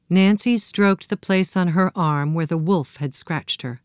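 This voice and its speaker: Lady reading a kids' story aloud, lowish voice, dry close sound. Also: measured pace, hardly any pauses, clear, resonant tone, no echo. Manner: gentle, expressive reading with character voices. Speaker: narrator.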